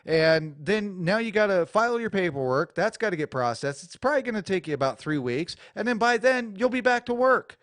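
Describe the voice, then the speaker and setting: A crude, rambling American man hosts his own radio show, talking in a rather high voice. His delivery is blunt and profane. The studio mic gives a dry, close sound. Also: lively intonation, a little fast, few pauses, fairly bright tone, no room sound. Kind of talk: profane talk-radio rant. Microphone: studio mic with adjustable EQ.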